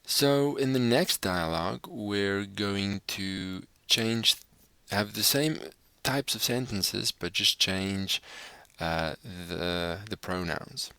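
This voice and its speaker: A man teaching a recorded language lesson, speaking slowly and carefully and repeating phrases so listeners can practice. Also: lowish voice, pushed and bright, clean tone, dry recording.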